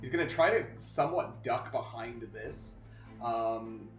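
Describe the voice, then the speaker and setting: A man running a tabletop game as game master, relaxed and chuckling, with many fillers. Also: medium pitch, measured pace, faint music behind. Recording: roomy echo.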